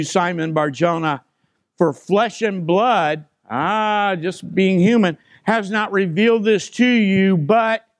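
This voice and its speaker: A man's voice: high voice, dry recording. A man preaching a sermon as pastor, stressing key phrases by repeating them and putting questions to the congregation.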